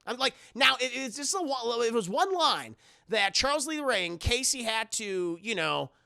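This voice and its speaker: A man streaming a casual, rambling film recap to his chat, animated and swearing a lot, close to the mic. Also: very high voice, moderate pace, vocal fry, no echo.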